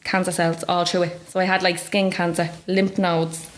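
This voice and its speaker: A woman's voice: fairly low pitch, level tone, normal speed. A woman in her thirties with a Dublin Irish accent, telling her story in a chatty interview, full of "like" and quoted dialogue. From Ireland. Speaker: guest.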